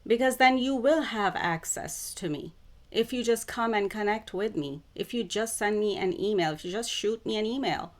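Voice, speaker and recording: A woman who calls herself a psychic channeler, talking to camera in a spiritual monologue, with slow, deliberate phrasing that keeps circling back to the same words. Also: medium pitch. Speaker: self-described psychic channeler.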